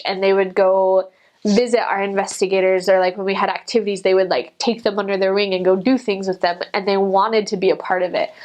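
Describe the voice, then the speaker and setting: A young adult woman, a returned missionary, telling a personal story in a chatty, animated way, full of "like" fillers. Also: mid-range voice. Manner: chatty, animated, many "like" fillers, acts out quotes in a raised voice.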